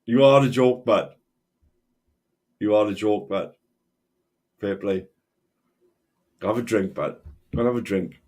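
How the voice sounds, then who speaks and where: A man's voice: fairly low pitch, a little slow, pauses often, a little mellow. A man in a heated online argument, blunt, dismissive and swearing.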